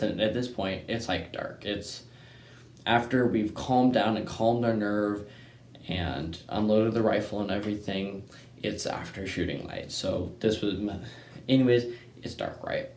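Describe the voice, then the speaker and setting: Brief: young guy, lowish voice, loose rambling storyteller, echoey room with faint noise. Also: measured pace, a little mellow. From Texas. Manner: rambling, keeps asking "right?" and saying "anyways". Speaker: hunting channel host. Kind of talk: casual storytelling.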